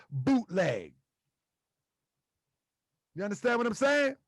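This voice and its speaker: A man's voice: very high-pitched, dry recording, clean studio sound. A man hosting a livestream, lecturing his chat in a preachy way with repeated rhetorical questions. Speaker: host.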